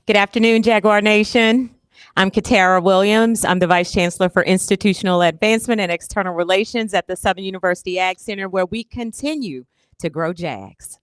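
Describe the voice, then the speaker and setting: A woman's voice: mid-range voice, a little fast, smooth, no echo. A woman vice chancellor speaking on a live panel broadcast in an upbeat, polished way.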